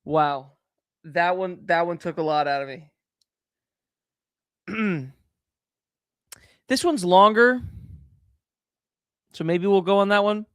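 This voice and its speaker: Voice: medium pitch, slow pace, pauses often, fairly bright tone, clear, resonant tone, no echo, studio quality. A streamer giving casual reaction commentary on posts, reading them aloud, saying dude and man, and breaking into laughter again and again. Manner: slangy and loose, says dude and man.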